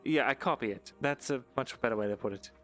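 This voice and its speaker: A man's voice: medium pitch, quick pace, faint music behind, close to an everyday voice. A man playing a dry, hesitant scribe. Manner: hesitant, many ums and uhs, dry understatement. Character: cautious male scribe, rule-bound and wry. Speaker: roleplay player. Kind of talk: live online fantasy roleplay.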